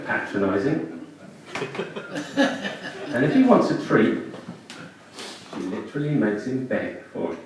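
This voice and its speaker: A man works a comedy-club crowd, his voice leaping animatedly between highs and lows. He mixes lively storytelling with deadpan asides. The sound is very echoey and distant, with a faint hiss underneath. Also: unhurried, long pauses. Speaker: stand-up comedian. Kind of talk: stand-up comedy set.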